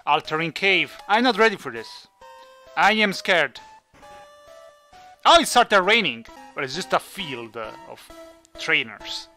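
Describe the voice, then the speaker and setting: A man who is not a native English speaker chats his way through a let's play, joking and thinking aloud. His voice is bright and swings up and down with excitement. Game music plays faintly behind him. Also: on the high side. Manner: chatty, jokey, thinks aloud. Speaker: gaming channel host.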